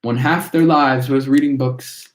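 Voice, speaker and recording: A chorus of tiny storybook factory workers lecturing in rhyme, recited by a man. The verse rolls in a steady rhythm at a middle pitch. A roomy echo hangs around the voice. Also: a little slow, lightly acted. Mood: preachy.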